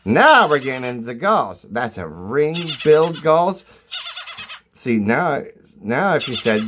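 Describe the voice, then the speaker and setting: A man's voice: mid-range voice, sing-song, takes it slowly, fairly bright tone. A man hosting an irreverent comedic walkthrough of a bird sound book, swearing freely and rambling between mock-serious asides. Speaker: host reading through a bird sound book. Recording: noisy recording with bird calls playing. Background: bird calls played from a sound book.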